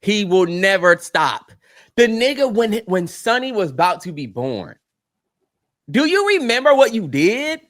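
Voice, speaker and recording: A man co-hosting a podcast in casual chat, animated and heartfelt, swearing freely and getting teary. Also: very high voice, moderate pace. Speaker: podcast co-host.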